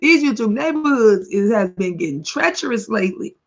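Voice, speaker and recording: A woman hosting a casual live chat while eating, greeting viewers by name in a slow, drawling way. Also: fairly high pitch, animated. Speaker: livestream host. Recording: dull lo-fi livestream audio.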